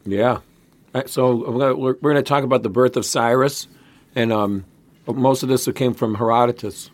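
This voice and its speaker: A man's voice: medium pitch, steady tone, normal speed. A man co-hosting a casual history podcast, telling the story in a rambling way with many restarts. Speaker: podcast co-host.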